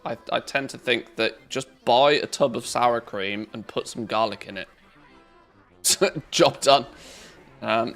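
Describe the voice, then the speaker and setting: A man with a mid-pitched voice chats and jokes while streaming a game, swearing casually and rambling between moves. Faint music plays under his voice. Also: fairly bright tone. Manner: joking, swearing, loose chatter while playing. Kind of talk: casual live-stream commentary.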